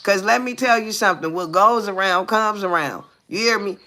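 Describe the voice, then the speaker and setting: A woman's voice: mid-range voice, normal speed, sharp tone. A woman in her forties co-hosting a live talk show, telling profane, brash stories and constantly asking her listeners whether they hear her. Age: 40s. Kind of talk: casual live chat.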